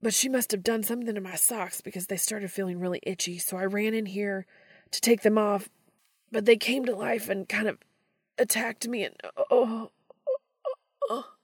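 A woman's voice: mid-range voice, fairly even intonation, normal speed, breathy edge, no echo, studio quality, pitched above the performer's own voice, natural voice. A woman voicing a flustered young man in trouble in a fan fiction reading, whining and breathless. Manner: whiny, breathless, raised.

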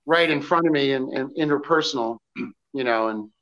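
A man's voice: medium pitch, a bit bright, highs cut off. A man who used to work as a paparazzi photographer, telling stories in a casual podcast chat and stumbling through lots of fillers and restarts. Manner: halting, many fillers and restarts. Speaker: former paparazzi photographer guest.

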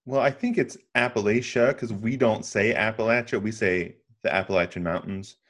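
A man's voice: lowish voice, normal speed. A man hosting a casual podcast chat, recapping a film with frequent laughs and restarts. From lived in Western North Carolina. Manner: laughs often, rambling with restarts.

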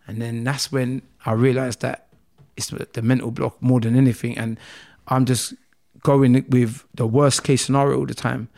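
A man with a London accent, a guest telling a personal story with feeling, acting out the dialogue in a lively way. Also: mid-range voice, gravelly. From England. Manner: animated, acts out dialogue with rising voice.

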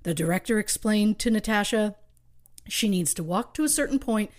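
A woman hosting a podcast tells a true crime story from her notes. Her voice sits at an ordinary middle pitch, and she keeps the telling light with wry asides. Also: lively intonation, normal speed. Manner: wry, reads research with asides and laughs. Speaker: podcast co-host.

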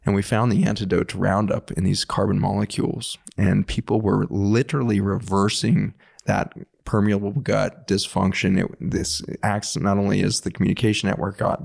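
A man, a doctor, telling an earnest, animated story in conversation and acting out the people in it. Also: lowish voice, gravelly. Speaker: doctor guest.

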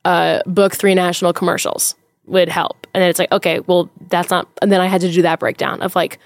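A woman's voice: lowish voice, steady tone, a little fast, vocal fry, no room sound. Candid rambling woman on a podcast. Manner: rambling, candid, lots of fillers. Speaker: podcast guest, comedian. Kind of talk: casual chat.

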